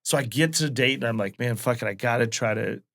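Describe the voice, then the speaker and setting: A comedian from Wyoming, USA, in his late thirties, appears as a guest on a casual podcast chat to tell a loose, profane anecdote. His mid-range voice is quick, creaky, and a bit bright.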